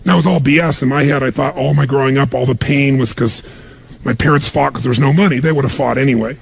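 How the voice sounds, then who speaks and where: Gravelly, husky motivational speaker. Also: male voice, medium pitch, fairly even intonation, quick pace. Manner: emphatic, drives the audience with repeated commands. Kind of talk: live seminar talk to an audience. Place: large room with a live audience.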